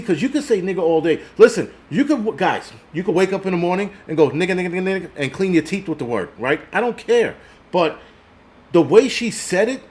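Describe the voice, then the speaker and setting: Profane rambling middle-aged man. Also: a little high. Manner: profane, rambling, laughs often; answers chat comments. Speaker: prepper channel host. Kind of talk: casual livestream rant.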